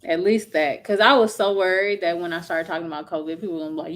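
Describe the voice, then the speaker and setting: A woman's voice: on the low side, steady tone, fast talker, few pauses. A woman hosting a casual livestream from home, chatting with viewers and reacting sympathetically to their comments, with a loose, filler-heavy way of talking. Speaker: livestream host. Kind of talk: casual live chat reading viewer comments.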